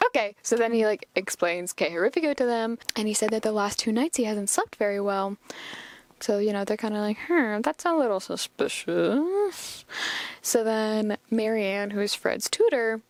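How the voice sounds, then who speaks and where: A woman's voice: medium pitch, fairly even intonation, moderate pace, darkish tone, no echo. A young woman hosting a podcast, recapping a cartoon episode in a rambling, chatty way full of fillers. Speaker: podcast host.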